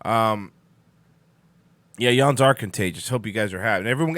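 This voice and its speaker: His voice sits on the low side and sounds a bit bright, moving at a moderate pace with no room sound. This young host of a live-streamed morning show rambles sarcastically, yawns drowsily, and curses as he replies to the chat.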